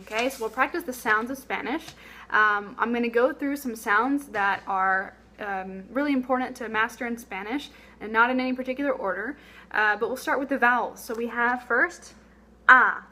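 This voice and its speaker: A young woman, a Spanish teacher, giving a recorded lesson. She explains patiently and sounds words out slowly, repeating them for the learner. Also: fairly high pitch, sharp tone.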